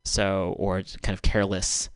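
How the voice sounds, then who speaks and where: A man's voice: deep voice, completely flat delivery, unhurried, clean tone, dry recording. A male radio host giving solo commentary in a studio, exasperated and sarcastic, swearing as he vents, speaking into a handheld microphone. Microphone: handheld microphone taken off the stand.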